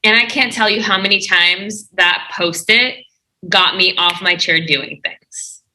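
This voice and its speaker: A woman with a very bright, forceful voice, speaking as a podcast guest. She gives earnest, encouraging advice in a conversational way. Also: medium pitch, unhurried, rough recording. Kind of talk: podcast interview.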